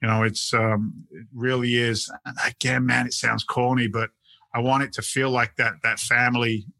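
A middle-aged real estate investment CEO from England, guesting in a casual interview, has a medium-pitched, creaky, bright, forceful voice with flat delivery at normal speed, recorded dry. He speaks animatedly in a London accent mixed with American, repeating words as he restarts his sentences.

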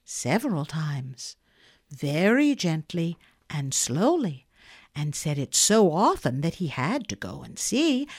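A woman giving a dramatic first-person reading of a short story, moving between hushed and intense. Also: medium pitch. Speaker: audiobook narrator.

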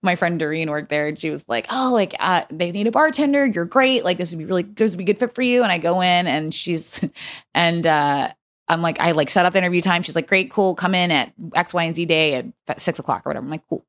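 A young adult woman, a podcast guest, telling an animated, profane story full of fillers in casual chat. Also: fairly low pitch, fast.

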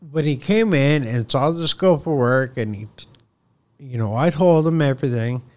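A man's voice: medium pitch, moderate pace, a little mellow. Man, contractor guest; casual podcast storytelling, heated and profane, acts out his own phone calls.

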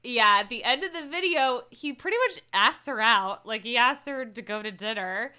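High, bright-voiced chatty young woman. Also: normal speed, clear, resonant tone. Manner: animated, laughing often, acts out quotes. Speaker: podcast co-host recapping a TV episode. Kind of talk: casual chat.

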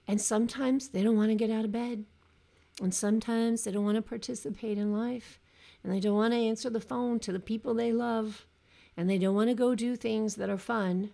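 A woman's voice: medium pitch, gravelly, dark tone. A woman coaching cancer survivors in an earnest motivational talk, often acting out her clients' words.

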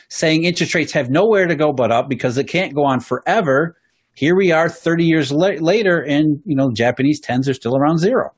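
A man talking as a guest on a podcast, explaining economic history at length, often restarting and repeating words as he goes. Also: on the high side. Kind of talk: podcast conversation.

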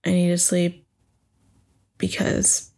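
A woman's voice: lowish voice, animated, unhurried, creaky. A young woman hosting her own podcast, rambling tipsily with a self-mocking, profane manner. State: drunk. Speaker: podcast host. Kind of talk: casual solo podcast chat. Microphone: podcast microphone.

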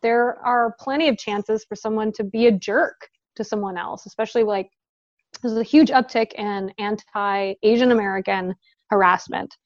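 A woman's voice: mid-range voice, normal speed, no echo, lo-fi sound. A woman guest talking casually in an interview, chatty, with frequent laughs and fillers, over a video call.

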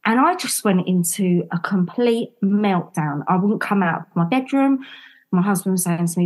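A woman, telling her story as a podcast guest in a lively, expressive way and acting out what people said. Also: moderate pace. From London. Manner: animated, acts out quotes with big pitch jumps. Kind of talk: casual interview storytelling.

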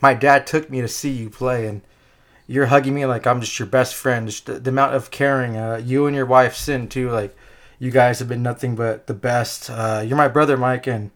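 A man co-hosting a casual sports podcast, excitable and chatty, laughing often. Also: medium pitch. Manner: excitable, swears, laughs often, gets emotional. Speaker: podcast co-host.

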